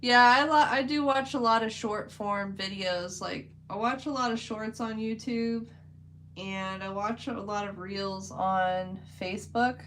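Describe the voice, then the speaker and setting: A chatty woman with a drawl talks loosely to her stream chat as she paints, filling her sentences with "like." Her voice sits at a middle pitch, and a faint hum runs underneath. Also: unhurried, fairly bright tone, low-quality recording. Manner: chatty, rambling, many "like" fillers. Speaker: livestream host. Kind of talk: casual livestream chat while painting.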